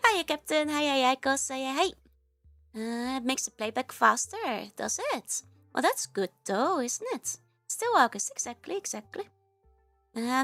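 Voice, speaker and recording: A woman VTuber streamer, still recovering from a cold, greeting her live chat viewers in a bubbly, giggly way with many quick hellos. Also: high-pitched, sharp tone, no room sound.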